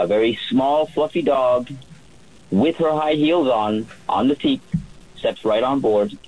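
Husky low-voiced man telling a story. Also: low-quality recording. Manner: relaxed storyteller with many fillers and restarts. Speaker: yacht chef. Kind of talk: storytelling on a radio call-in.

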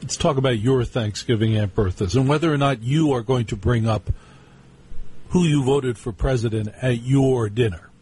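A man with a husky, slightly breathy voice hosts a live call-in radio show from the studio. He talks in a chatty, storytelling way, drifting into wry asides to his listeners and repeating the call-in number. His pitch sits in an ordinary middle range for a man. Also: moderate pace, a little mellow. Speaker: radio talk show host.

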